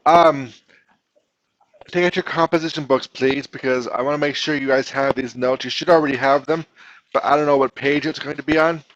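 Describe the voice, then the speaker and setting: A man's voice: medium pitch, no room sound. A male teacher talks his class through a lesson at a patient pace, often stopping to restart a phrase. His voice sits in the middle range. The recording is dull and dry, with little room sound. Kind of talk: classroom instruction.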